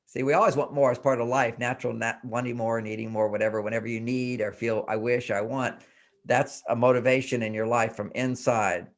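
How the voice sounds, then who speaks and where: An older man appears as a relationship expert on an interview show, talking fast with hardly any pauses in a mid-range voice. He explains his ideas with animated emphasis and keeps repeating phrases.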